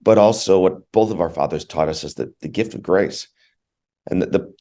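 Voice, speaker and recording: Man, podcast guest with a very deep voice; earnest, heartfelt personal storyteller. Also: normal speed, dark tone. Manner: earnest, heartfelt, repeats words for emphasis.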